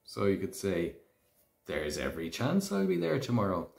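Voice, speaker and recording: Man, language teacher, low voice, unhurried, careful over each phrase, roomy echo. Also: wildly swooping pitch, gravelly, darkish tone. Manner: slow, careful pronunciation of example phrases. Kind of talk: language lesson.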